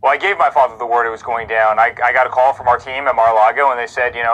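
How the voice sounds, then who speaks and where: A man's voice: mid-range voice, steady tone, very fast, few pauses, fairly bright tone, highs cut off. A man giving a live TV news interview as a guest, talking in a heated, indignant way and hammering points home with repetition.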